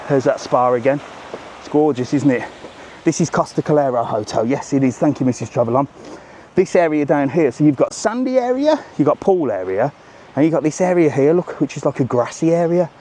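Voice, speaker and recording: With slight background noise under his medium-pitched voice, a middle-aged travel vlogger walks around a hotel resort outdoors. He gives a chatty live tour to his phone camera as he goes, animated and constantly saying "look".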